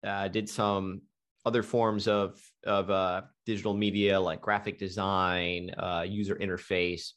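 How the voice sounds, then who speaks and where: A middle-aged man with a fairly low voice recounts a story as a guest hypnotherapist. He speaks with animated emphasis and often restarts his sentences. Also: a little slow. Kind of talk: storytelling in a conversation.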